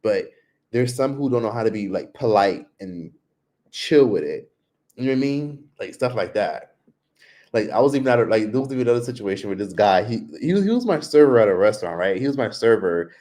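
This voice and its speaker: A man's voice: expressive, a little fast, a little mellow. Chatty man livestreaming from his laptop. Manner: chatty, frequent "like", mimics others in high voices. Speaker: livestream vlogger. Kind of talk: casual livestream chat.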